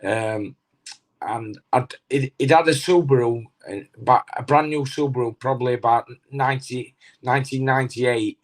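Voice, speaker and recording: A middle-aged man tells an anecdote in a casual interview, halting often with restarts and fillers. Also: medium pitch. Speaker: former boxer, interview guest.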